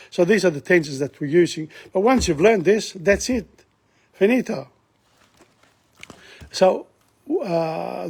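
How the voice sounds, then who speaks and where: A man's voice: on the high side, a little mellow, breathy edge. An older man from Italy with an Italian accent, teaching a language lesson in a chatty, digressive way and reciting verb tables. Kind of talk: casual recorded lesson.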